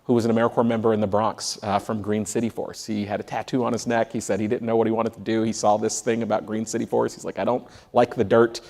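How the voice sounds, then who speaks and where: Low-voiced man telling stories on a panel. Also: fast, creaky, few pauses. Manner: animated anecdotes with frequent restarts. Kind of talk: panel discussion storytelling. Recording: reverberant hall.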